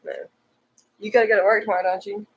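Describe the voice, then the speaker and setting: Husky-voiced woman, giggly and teasing. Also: mid-range voice, little pitch movement, fast talker, lo-fi sound. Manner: giggly, teasing, reads viewer comments. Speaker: livestream co-host. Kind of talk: casual livestream chat.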